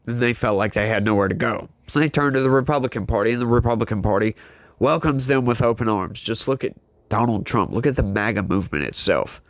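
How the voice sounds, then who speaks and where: Hosting a political commentary show, a man delivers an opinionated monologue straight to his audience, emphatic and preachy. He has a mid-range voice and talks fast, with no room sound.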